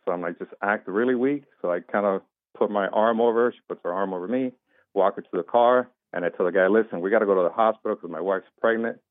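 Low-voiced man telling a story over a tinny line. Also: quick pace, no echo. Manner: animated retelling, acts out quoted voices. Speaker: interview guest. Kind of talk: casual storytelling. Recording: dry tinny phone-like line.

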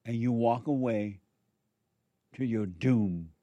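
A male preacher delivering a sermon at an unhurried, deliberate pace. He hammers on repeated phrases and speaks directly to his listeners, and the sound is dry and close. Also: medium pitch, darkish tone, no room sound. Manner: repetitive, exhorting, addresses listeners directly.

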